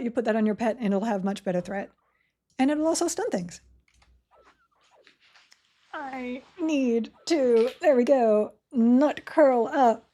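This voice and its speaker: A woman's voice: a little high, dark tone. A young adult woman streaming a game live, chatting casually, giggling and reading chat aloud.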